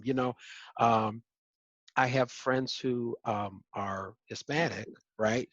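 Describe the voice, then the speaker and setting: Man, panel host, husky, stammering restarts, dull dry lo-fi sound. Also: fairly low pitch, steady tone, moderate pace, a bit bright, no room sound. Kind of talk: panel discussion.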